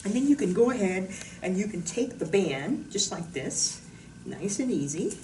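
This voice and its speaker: Speaking at a moderate pace with very animated delivery, a woman from the Pacific Northwest of the US leads an exercise demonstration as a bubbly, jokey fitness instructor. Her voice is medium in pitch and dark in tone, and it sounds far off the mic amid roomy echo and faint noise.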